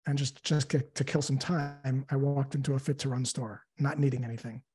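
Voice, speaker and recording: A man's voice: medium pitch, steady tone, fairly quick, a little mellow. A man who works as a sales coach, a guest telling a story and acting out the dialogue in his answer.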